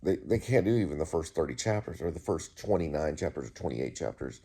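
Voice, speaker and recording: A man's voice: a bass voice, animated, brisk, mellow, husky. A middle-aged man hosting his own show, rambling through a casual monologue with many restarts and asides. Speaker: host.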